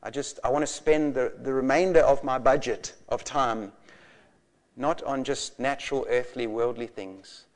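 A man in his forties preaching a sermon, passionate and animated, telling stories with bursts of laughter. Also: medium pitch, moderate pace. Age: 40s. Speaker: pastor.

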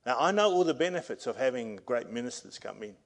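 A male pastor giving a sermon at a church service through a microphone, earnest and building to loud, emphatic passages. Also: mid-range voice, expressive, a little fast. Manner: earnest preaching that swells to loud, emphatic reading.

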